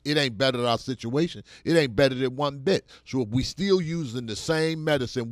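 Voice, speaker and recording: A man, talking like a preacher in conversation and rising to loud, emphatic bursts. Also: mid-range voice, no room sound, studio quality.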